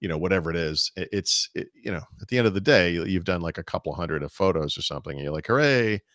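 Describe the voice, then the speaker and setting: A man's voice: low-pitched, quick pace, fairly bright tone, dry recording, clean studio sound. A middle-aged man co-hosting a podcast, chatting casually and rambling through long asides with many restarts. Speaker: podcast co-host. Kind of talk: casual chat.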